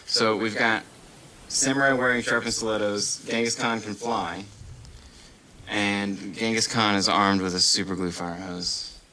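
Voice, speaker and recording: A man co-hosting a podcast in casual chat, easygoing and often pausing with fillers. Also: fairly low pitch, fairly even intonation, pushed and bright, a little hiss or hum, low-quality recording. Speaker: podcast co-host.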